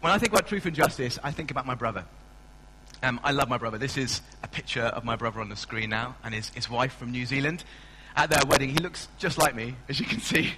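A man's voice: mid-range voice, a little fast, background noise. A man preaching a sermon in a church hall on a stand mic, chatty and self-mocking as he tells stories. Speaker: pastor.

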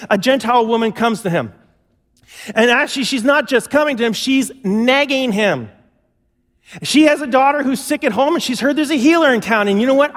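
A man's voice: very high-pitched, a bit bright. A male pastor preaching a sermon, telling stories and acting out the lines he quotes. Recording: long hall reverb.

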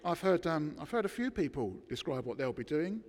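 A man preaching a sermon, emphatic, with dramatic pauses between words. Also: on the high side, very animated, a little mellow, big-room sound. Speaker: pastor. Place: church.

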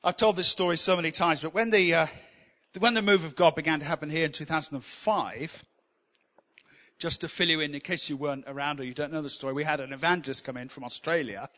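A man preaches, his voice high and bright as he tells funny, self-deprecating stories. The sound carries a long reverb from the church hall around him. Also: fast talker. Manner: humorous, self-deprecating, animated. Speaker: pastor. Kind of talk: sermon with storytelling.

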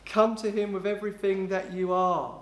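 A man preaching a sermon in an emphatic way, slowing down on key phrases and dropping low and quiet when he quotes. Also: level tone. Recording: roomy echo.

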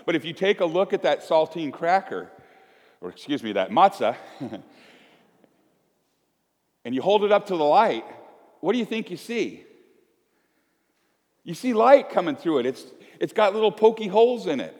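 This male preacher's voice is high, a little mellow and very animated, moving at normal speed with frequent pauses. Delivering a sermon amid the long reverb of a church sanctuary, he shares homely stories conversationally, teases himself, and restarts often.

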